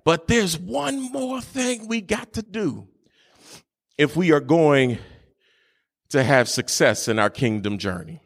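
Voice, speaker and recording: A male pastor delivers a sermon, rising into shouted, sing-song peaks and settling back into steady teaching. His voice is bright and cutting, with a long church-hall reverb trailing behind every phrase. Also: mid-range voice. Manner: fervent preaching, swinging between shouted sing-song peaks and quieter teaching. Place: church sanctuary.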